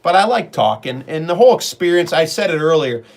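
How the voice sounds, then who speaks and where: A middle-aged man talks casually on a live stream. He rambles from one story to the next and calls out viewers by name. His voice sits slightly higher than most men's. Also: big pitch swings, brisk.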